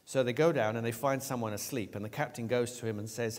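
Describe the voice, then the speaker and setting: A man preaching a sermon, retelling a story with lively, acted-out voices for the characters. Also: medium pitch, fast talker, few pauses. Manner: animated storytelling, acting out quoted lines. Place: church. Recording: long church reverb.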